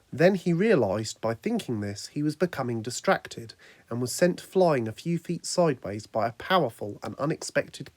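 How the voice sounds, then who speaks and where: A man's voice: mid-range voice, no echo. A man narrating a fan fiction action story, reading steadily aloud.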